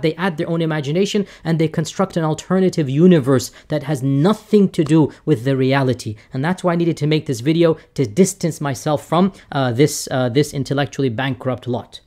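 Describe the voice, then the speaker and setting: A man's voice: a little high, warm tone. A man who is an Islamic scholar, giving an emphatic, defensive video statement with repeated phrases. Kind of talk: lecture-style video statement.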